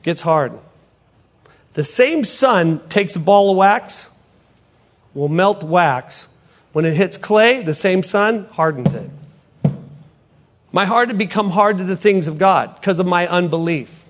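This middle-aged evangelist, who also works as a potter, preaches his testimony slowly with long pauses in a high, expressive voice. He's emphatic, circling back to key phrases and moving between soft and loud delivery.

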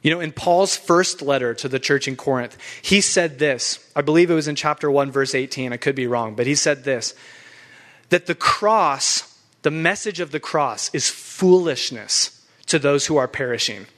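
A man's voice: a little high, normal speed, fairly bright tone. A young adult man preaching a sermon as pastor, emphatic and fired up, with laughs between points.

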